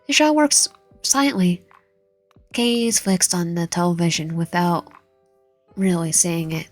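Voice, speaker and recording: A woman's voice: lowish voice, unhurried, faint music behind. A woman reading a romance visual novel aloud, with frequent slips and self-corrections. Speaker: gaming channel host.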